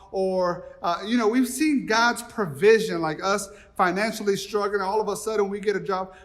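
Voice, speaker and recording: A man's voice: sits high, a bit bright, big-room sound. A man preaching a sermon as pastor, retelling the story in a casual, conversational way and acting out the dialogue. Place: church.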